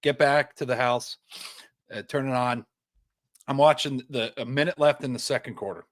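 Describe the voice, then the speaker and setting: A man's voice: mid-range voice, steady tone, normal speed, fairly bright tone. A young man co-hosting a sports podcast, ranting heatedly and swearing often in casual chat. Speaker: podcast co-host.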